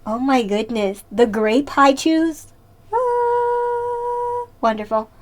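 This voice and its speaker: A woman's voice: fairly high pitch, a little slow. A woman live-streaming in casual chat, playful and talkative, answering her chat and laughing often.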